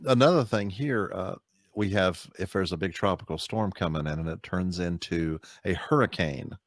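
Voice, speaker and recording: A man, co-hosting a casual chat in a measured way and laughing easily. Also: deep voice, dry recording. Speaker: co-host, voice-over artist.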